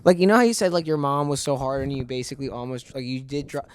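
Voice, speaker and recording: A man's voice: medium pitch, fast, clean tone, dry recording. A man hosting a podcast in casual chat, rambling with lots of "like" and "right?" as he works through his thoughts. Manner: rambling, filler-heavy, frequent "like" and "right?". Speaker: podcast host.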